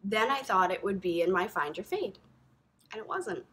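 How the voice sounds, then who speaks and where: A woman's voice: mid-range voice, animated, normal speed, a bit bright. A woman hosting a knitting podcast, chatting to camera in a gushing, rambling way full of ums and likes. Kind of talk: casual chat to camera.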